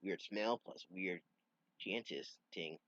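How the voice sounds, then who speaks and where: A gruff young echidna adventurer, played by a man, mutters his lines low and laid-back. It is a comic read-aloud on a dull, dry recording. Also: drawn-out words, fairly bright tone, dry recording, full character voice. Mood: wry.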